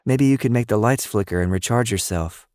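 A man's voice: medium pitch, a little fast, a little mellow, clean tone, dry recording, studio quality, pitched above the performer's own voice, lightly acted. A man voicing an eager girl with a magical gift, speaking in an earnest, coaxing way in an audio story.

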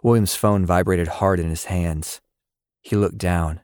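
A man reading a story aloud in scripted narration, with a steady, measured delivery. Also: deep voice, smooth, no room sound, clean studio sound.

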